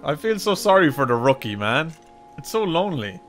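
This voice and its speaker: A young man giving excitable live commentary while he plays a video game, swearing, laughing and calling his viewers lads. He talks over the game's own sound. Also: a little high, brisk, faint music behind. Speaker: gaming channel host.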